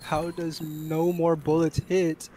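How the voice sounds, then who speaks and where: A man's voice: fairly high pitch, flat delivery, slow, dark tone, slight background noise. A man chatting with friends during a shooter game, incredulous and teasing in manner, on a headset mic. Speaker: teammate in a gaming session. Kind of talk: casual gaming chat.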